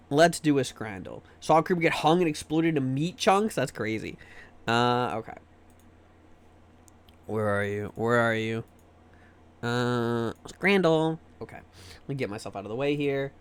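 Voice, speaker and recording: A man's voice: mid-range voice, expressive, unhurried, pauses often, clean tone. A man streaming live, chatting casually and joking with his viewers, often trailing off into repeated fillers.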